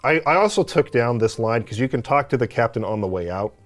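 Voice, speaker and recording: A man's voice: medium pitch, expressive, brisk, soft background music. A man hosting a stream, chatting casually and thoughtfully about a video game, rambling with many fillers. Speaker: streamer host.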